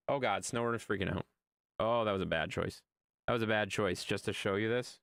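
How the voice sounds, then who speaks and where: A man streaming a game live, chatting casually with his viewers, animated and playful with repeated phrases. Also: on the low side, a little fast, gravelly, clean tone.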